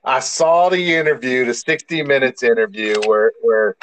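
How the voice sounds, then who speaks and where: A man's voice: medium pitch, lively intonation, normal speed, fairly bright tone, a little hiss or hum, rough recording. A man co-hosting a podcast in casual chat, a rambling storyteller who restarts often and swears mildly. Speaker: podcast co-host.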